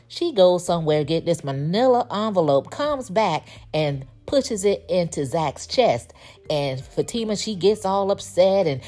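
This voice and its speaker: A woman recapping a TV episode in a casual, animated, gossipy way, full of slang and quoted lines. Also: fairly low pitch, normal speed, soft background music. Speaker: TV show reviewer.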